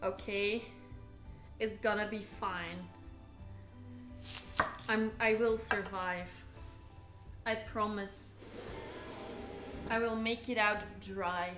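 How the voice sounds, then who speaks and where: A woman's voice: mid-range voice, fairly even intonation, extremely slow, long pauses, roomy sound, music in the background. A woman chatting casually with her viewers while she cooks in her home kitchen, teasing herself and giggling. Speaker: cooking livestreamer. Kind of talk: casual live cooking stream chat.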